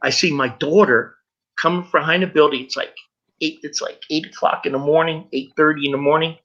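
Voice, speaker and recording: A middle-aged man with a high, bright, sharp voice tells his own story. He halts and repeats himself when the story gets heavy, and the recording sounds dull and lo-fi. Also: fairly even intonation. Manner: halting, stumbles and repeats words when moved. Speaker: guest. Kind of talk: emotional personal storytelling.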